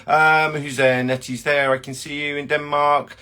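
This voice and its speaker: A man's voice: fairly high pitch, flat delivery, normal speed, pushed and bright, clear, resonant tone. A man hosting a casual livestream chat, greeting viewers by name in a chatty way with plenty of fillers. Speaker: host of a chocolatier livestream.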